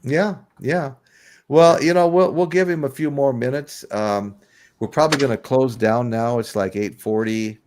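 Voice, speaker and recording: A man's voice: mid-range voice, normal speed, a little mellow, slight background noise. A middle-aged man hosting a casual live-stream chat, a rambling storyteller who laughs often. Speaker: host.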